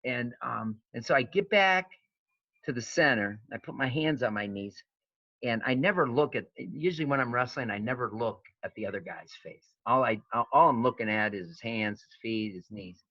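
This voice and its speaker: A man in his fifties, a wrestling coach, telling stories in an interview, animated and full of fillers and restarts. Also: mid-range voice, normal speed, no room sound. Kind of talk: storytelling interview. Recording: dull lo-fi sound, dry.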